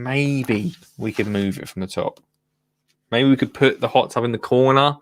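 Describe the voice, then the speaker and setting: A man hosting a live gardening phone-in show, chatting casually and rambling excitedly with listeners. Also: medium pitch. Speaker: gardening podcast host.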